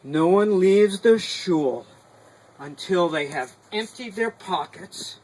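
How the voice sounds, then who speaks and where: A man voicing a stern, wise older village rabbi who speaks slowly and deliberately, giving commands. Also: sits high, lively intonation, a little mellow, slight background noise, low-quality recording. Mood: commanding.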